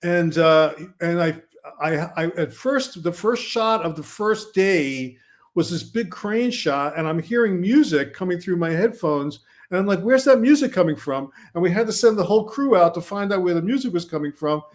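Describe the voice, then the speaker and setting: A man from Brooklyn, a film director, telling animated anecdotes as a podcast guest. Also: sits high, moderate pace. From Brooklyn, New York. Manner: animated anecdotes, quotes himself and others. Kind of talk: casual storytelling.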